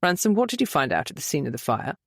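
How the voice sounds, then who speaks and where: A woman voicing a calm, commanding older male duke who speaks flatly and with dry authority. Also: low voice, fast talker, no echo, voice pushed down, exaggerated voice.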